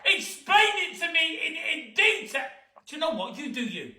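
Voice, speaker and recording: A man hosts a reaction video, exclaiming loudly and laughing at what he sees. His voice sits very high and comes across piercingly bright. He is heard from a distance in an echoing room. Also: big pitch swings, a little fast, slight background noise. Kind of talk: reacting to clips. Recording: roomy and off-mic.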